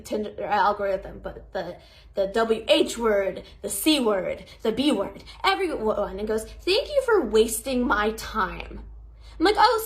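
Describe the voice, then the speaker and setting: A young woman in her twenties telling a storytime to camera, animated and blunt, swearing freely. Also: on the high side. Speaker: TikTok storyteller. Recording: music bed underneath.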